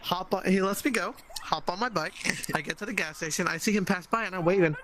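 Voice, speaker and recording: A man casually telling a funny anecdote to friends, with wry, sarcastic, deadpan asides. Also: high-pitched, quick pace, a crowd in the background. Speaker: storyteller.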